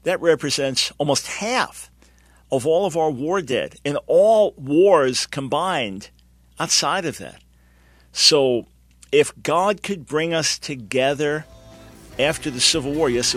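A man's voice: fairly high pitch, a bit bright. A man in his sixties hosting Christian talk radio, speaking in an earnest, emphatic, preacherly way. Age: 60s. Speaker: radio host.

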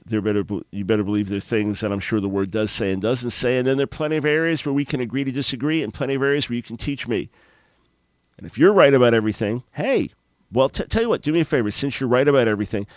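A man hosting a call-in radio show and telling a story in an animated, preacherly way, jumping high and loud when he acts out his own thoughts. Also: no echo. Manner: animated, jumps to a much higher, louder voice when acting out his own past thoughts; preacherly, emphatic.

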